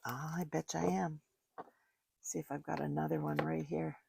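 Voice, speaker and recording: A woman's voice: low voice, level tone, normal speed, gravelly, dark tone, a little hiss or hum. An older woman chatting casually as she makes a card at home, thinking aloud while she works. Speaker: card-making crafter. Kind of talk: casual crafting tutorial. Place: home craft room. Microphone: desk microphone.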